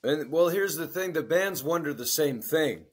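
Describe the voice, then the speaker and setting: A man in his forties co-hosting a podcast, telling profane, animated stories in casual chat and acting out the people he quotes. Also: on the high side, normal speed, a little hiss or hum. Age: 40s. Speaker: podcast co-host.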